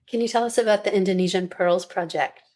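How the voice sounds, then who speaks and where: A woman hosts a podcast interview at a middle pitch. She asks brief questions and answers her guest with soft, short replies. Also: fast talker. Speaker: podcast host.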